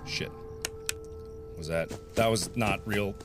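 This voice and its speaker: A man giving let's-play commentary in loud, profane outbursts and frustrated shouting. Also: lowish voice, slow. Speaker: gamer. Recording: clear game music under the voice. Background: game music.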